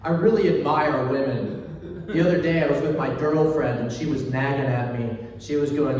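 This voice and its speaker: A man performing a stand-up comedy routine with deadpan delivery. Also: medium pitch, brisk. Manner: deadpan joke telling. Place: billiards hall comedy stage. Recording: echoey hall from far off, crowd. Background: crowd.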